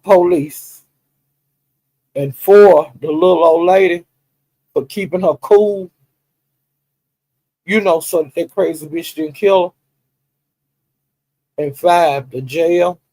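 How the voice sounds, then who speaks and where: Retelling online drama on a livestream, a commentator laughs and acts out quotes in a lively, gossipy way. His high-pitched voice takes things slowly, leaving long pauses. There's no room sound, though the recording is rough.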